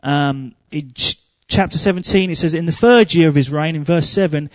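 A man preaching a sermon, telling humorous stories and growing loud and emphatic. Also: fairly high pitch, normal speed, no room sound.

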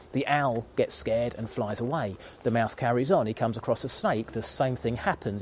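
A man's voice: medium pitch, darkish tone, a little hiss or hum. A man in his thirties preaching a sermon, retelling a children's story in an earnest storytelling manner.

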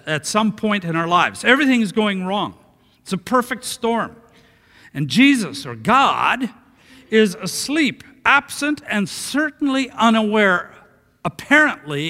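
A man preaching a sermon in a church, expressive and dropping to a hush for quoted words. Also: sits high, in a large hall. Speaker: pastor.

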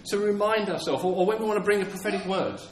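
A man gives a sermon, earnest and a touch high in pitch. He stumbles and repeats words as he builds his points and acts out the lines he quotes. The room is roomy and echoey, with faint ambience behind him. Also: fast, a little hiss or hum. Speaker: preacher.

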